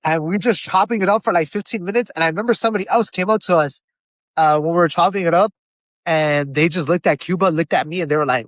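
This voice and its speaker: A man's voice: on the high side, fast talker, no echo. A young man from Miami, a guest telling stories in a casual chat over a video call. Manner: chatty, animated storyteller.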